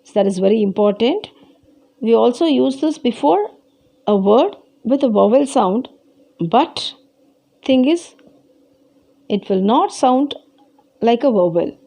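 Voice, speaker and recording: A woman teacher with an Indian English accent, slowly and patiently explaining a grammar lesson to schoolchildren and repeating the key points. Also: a little high, lively intonation, creaky, mellow.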